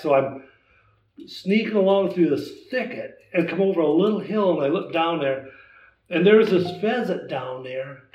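A man in his sixties, a guest telling a hunting story in a lively, casual way, acting out the voices in it. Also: fairly high pitch. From United States. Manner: animated storyteller, acts out voices in his tale. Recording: roomy, distant, dull sound.

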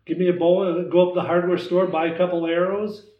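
A man in his sixties, a guest telling a hunting story in a lively, casual way, acting out the voices in it. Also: sits high, fast. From United States. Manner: animated storyteller, acts out voices in his tale. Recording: roomy, distant, dull sound.

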